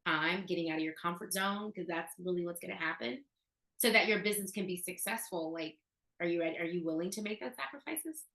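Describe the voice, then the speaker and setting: A woman presents a business opportunity in a casual, emphatic way, piling up rhetorical questions and dropping in slang. Her voice is bright and forceful, and it rings in an echoey room. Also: fairly low pitch, brisk. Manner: casual, slangy, laughs often.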